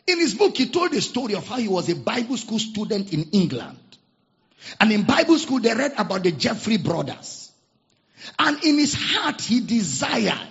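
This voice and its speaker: A male pastor preaching a sermon, telling stories dramatically and swinging from shouts to hushed tones. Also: high-pitched, gravelly. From Nigeria. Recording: dull lo-fi sermon recording.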